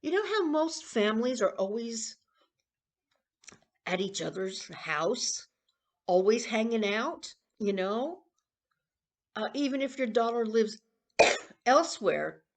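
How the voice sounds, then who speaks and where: A woman in her sixties rambling and confiding in a casual personal vlog, with coughs and throat-clearing. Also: a little high, big pitch swings, slow, pauses often. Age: 60s. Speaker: vlogger.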